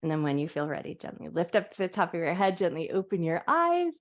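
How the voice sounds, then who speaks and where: A woman teaching a live yoga class on a clip-on mic, giving soft, soothing guided cues. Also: lowish voice, very animated, quick pace. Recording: dull lo-fi live class audio.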